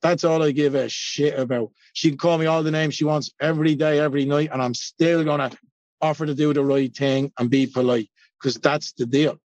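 A man's voice: on the high side, steady tone, a little fast, a little mellow, no echo, dull audio. An Irish man in his forties giving a blunt, self-mocking personal share at a recovery meeting, swearing freely. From Ireland. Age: 40s.

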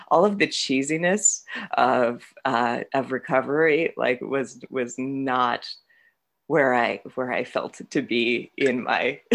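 A middle-aged woman with a low, deep-set voice tells her own story in a candid, conversational way. She mocks herself, laughs often and talks in fillers and restarts. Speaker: guest sharing her recovery story.

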